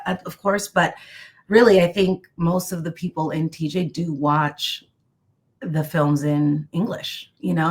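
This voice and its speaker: A woman from Mexico whose first language is Spanish, a costume designer reflecting on her career in a casual interview, with many fillers and restarts. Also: low-pitched. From Tijuana, Mexico.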